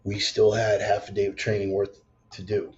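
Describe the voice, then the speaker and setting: A man's voice: lowish voice, completely flat delivery, normal speed, muffled recording. A man giving a conversational, emphatic sermon told as a personal story. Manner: conversational, emphatic, swears in passing. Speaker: preacher.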